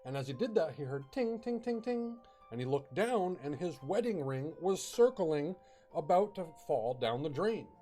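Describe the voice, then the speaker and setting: Guy spinning a spooky story real casual, warm mellow tone, soft music underneath. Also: fairly high pitch, lively intonation, moderate pace. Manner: chatty, with fillers and dramatic emphasis. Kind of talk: casual ghost story narration.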